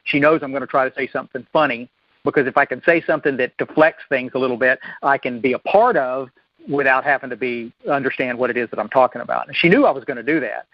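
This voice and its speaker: A man telling his recovery story at a meeting, folksy and self-deprecating, often halting and restarting his sentences. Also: mid-range voice, dry recording. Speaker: recovery speaker. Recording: dull lo-fi dry recording.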